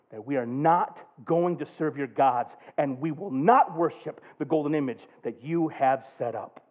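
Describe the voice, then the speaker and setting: A male pastor preaching a sermon, moving from a quiet, subdued personal story to loud, passionate preaching. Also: fairly high pitch, unhurried, hardly any pauses. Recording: tinny phone-like sound.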